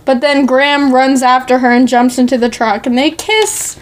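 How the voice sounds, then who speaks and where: A woman's voice: high voice, steady tone, normal speed. A woman chatting casually as a podcast co-host, speaking with lots of "like" and "um" and an easy giggle. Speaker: podcast co-host recapping a TV episode. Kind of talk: casual chat.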